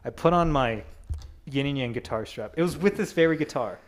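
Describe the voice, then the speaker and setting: A man's voice: mid-range voice, lively intonation, reverberant, slight background noise. A young man telling a rambling, self-deprecating story on a casual podcast. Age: young adult. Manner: rambling, self-deprecating, quick quoting of others. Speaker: podcast co-host.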